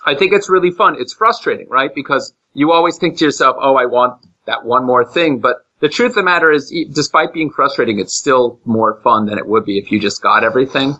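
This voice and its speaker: A man's voice: medium pitch, fairly quick, hardly any pauses, bright, forceful tone, highs cut off. A man from upstate New York, a game developer chatting casually on a podcast with frequent restarts.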